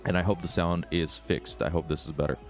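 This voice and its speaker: A man with a raspy voice, chatting casually as a trading streamer, relaxed and swearing now and then. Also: low-pitched, brisk, faint music behind. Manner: relaxed, swears, laughs often. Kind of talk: casual live-stream chat.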